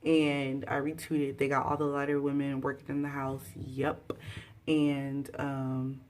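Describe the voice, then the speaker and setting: A woman recapping a TV episode in a casual, slangy way, talking straight to her viewers and breaking into loud exclaiming at times. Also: very deep voice, little pitch movement, unhurried, slight background noise. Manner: chatty, slangy, addresses viewers directly. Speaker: TV episode reviewer.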